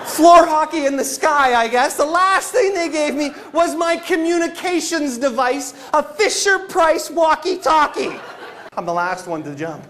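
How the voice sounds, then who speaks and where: A man telling stories on stage as a motivational speaker, animated, with shouted bursts and stammering restarts. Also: very high voice. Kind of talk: energetic stage storytelling. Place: stage before a live audience.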